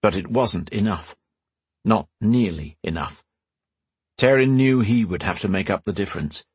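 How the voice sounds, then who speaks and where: Male audiobook narrator, steady measured telling, husky lowish voice, dry close sound. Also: dry recording. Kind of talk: scripted fantasy narration.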